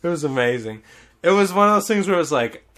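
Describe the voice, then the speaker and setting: Animated, bright-voiced laughing man. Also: on the high side, quick pace. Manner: animated, laughing, swearing, shrieks when quoting a child. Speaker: English teacher in Japan. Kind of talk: casual podcast storytelling.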